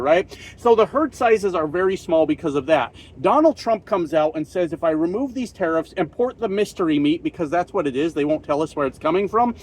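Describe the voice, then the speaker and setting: A man delivering an angry, profane political rant, so worked up he runs short of breath and coughs between his fillers. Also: high-pitched. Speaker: political commentary vlogger.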